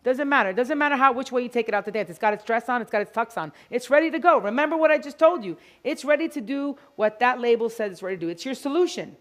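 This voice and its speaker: A woman giving an animated, playful live product demonstration to an audience at a store grand opening event. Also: fairly high pitch, fast, few pauses. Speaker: product educator.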